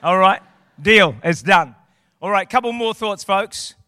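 A man preaching a sermon as a pastor, swinging from quiet storytelling to shouted declarations. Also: sits high, lively intonation, a little slow, smooth, no room sound, studio quality.

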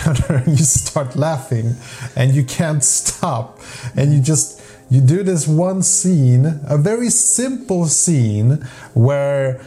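Male co-host, casual and chatty, mellow dark voice, quick to laugh. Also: mid-range voice. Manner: chatty, laughs often mid-sentence. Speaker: video host, amateur filmmaker. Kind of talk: casual chat.

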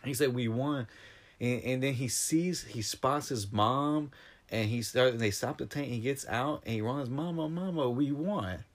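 A man in casual conversation, retelling a film's plot with animated, emotional storytelling and coming close to tears. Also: medium pitch, moderate pace. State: near tears. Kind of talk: casual film discussion.

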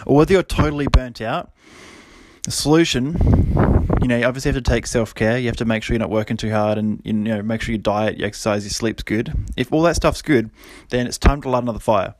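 A man's voice: mid-range voice, fast, background noise. A man in his thirties hosting his own podcast, talking casually and rambling, self-deprecating and motivational, laughing often. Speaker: podcast host. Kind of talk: casual solo podcast monologue.

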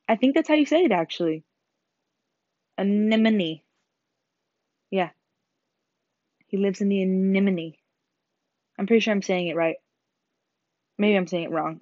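A woman's voice: fairly high pitch, a little mellow, no echo. A teenage girl in a rambling, swearing, self-mocking chat to camera. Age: teens. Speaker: vlogger. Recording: slightly dull lo-fi sound.

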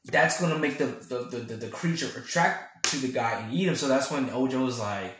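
A man's voice: medium pitch, a little fast, background noise. A man hosting a casual podcast, retelling a film animatedly and laughing often, with many fillers. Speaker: podcast host reviewing a film. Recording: very echoey room.

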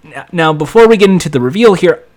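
A man's voice: on the high side, animated, darkish tone. Sarcastic man recapping a show. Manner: sarcastic, rambling, with sound effects and quick impressions. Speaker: show reviewer. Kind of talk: casual recap and commentary.

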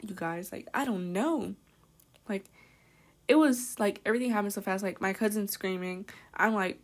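A young woman hosting her own podcast, telling a story in a casual, animated way, full of laughs, swearing and "like". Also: medium pitch, normal speed. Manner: animated, laughing, profane, lots of "like". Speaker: podcast host.

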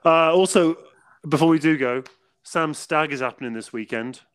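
A man's voice: a little high, normal speed, a bit bright, clear, resonant tone. A man, co-hosting a podcast in an upbeat casual chat. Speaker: podcast co-host.

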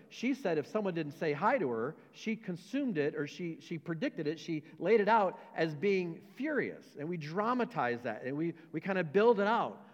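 A man's voice: fairly high pitch, big-room sound. A man, a pastor, preaching a conversational sermon with many rhetorical questions and repeated words. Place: church sanctuary.

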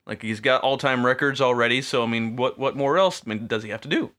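A man co-hosting a podcast, easygoing and quick to laugh in casual chat. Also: mid-range voice, fairly bright tone. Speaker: podcast co-host.

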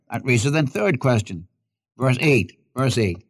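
A man's voice: medium pitch, animated, measured pace, husky. A man preaching a sermon, quoting scripture in old-fashioned wording, repeating key phrases and asking listeners to follow along in their Bibles.

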